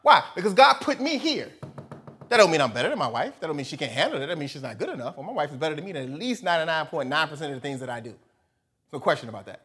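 A man preaching a sermon, animated, moving between loud emphatic lines and soft asides, often laughing. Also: a little high, very fast, breathy edge. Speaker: pastor.

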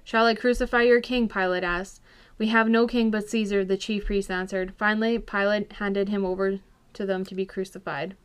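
A woman reads a scripture story aloud in plain narration. Her voice is smooth and resonant, the delivery simple with an occasional restarted phrase. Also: medium pitch, steady tone, normal speed. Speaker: scripture reader. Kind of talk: scripture reading.

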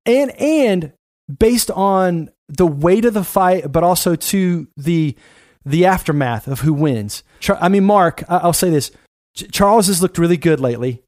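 A man's voice: high voice, animated, a little slow, darkish tone, no room sound, clean studio sound. A man hosting a casual sports talk show, steering the talk and putting questions to his co-hosts. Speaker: host.

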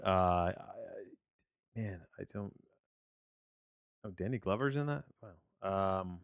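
A man with a very low, smooth voice talks through a film review in a loose, rambling podcast style. He restarts his sentences often and drops in wry asides. The sound is close and dry. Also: dry recording. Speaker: podcast host reviewing a movie. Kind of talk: casual rambling movie review.

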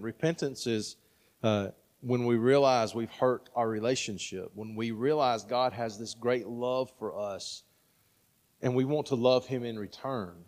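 A man's voice: medium pitch, a little mellow, big-room sound. A man in his thirties preaching a sermon in a conversational way, often checking in with "right?". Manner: conversational, frequent "right?" asides. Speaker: pastor.

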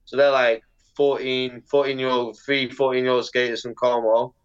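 A British pro skateboarder, a guest on a casual podcast interview, talks animatedly, swearing heavily and filling every thought with "like." His smooth voice sits at an ordinary middle pitch and moderate pace, and the recording sounds dull and lo-fi.

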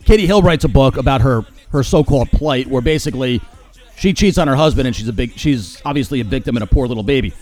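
A man's voice: medium pitch, fast, darkish tone. A man hosting a solo podcast, ranting with sarcasm and mockery about current events. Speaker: podcast host. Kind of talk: opinionated solo commentary.

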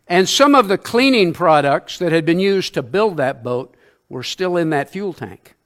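A man's voice: sits high, animated, moderate pace, a bit bright. An older man, a church elder, giving a sermon through a self-deprecating personal story, acting out sounds and quotes along the way. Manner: acts out sounds and quotes in his stories.

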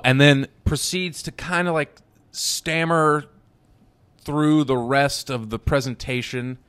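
A chatty man co-hosts a podcast, dropping in quick interjections during casual conversation. His medium-pitched voice has lively intonation and a fairly bright tone.

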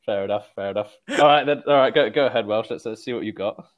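A man's voice: on the low side, quick pace. A man hosting a podcast in casual chat, rambling with lots of "like" and teasing his guests. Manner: rambling, heavy use of "like", teasing. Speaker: podcast host.

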